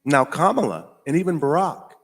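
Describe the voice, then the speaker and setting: An American man hosting a casual commentary show, talking emphatically, repeating himself and slowing down to stress his points. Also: fairly high pitch, very animated. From United States. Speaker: host.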